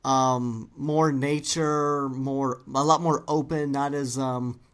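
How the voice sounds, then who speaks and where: A woman's voice: a bass voice, steady tone, slow pace. A woman hosting a casual podcast interview, enthusiastic and rambling as she asks questions. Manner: enthusiastic and rambling, with many fillers. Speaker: podcast co-host.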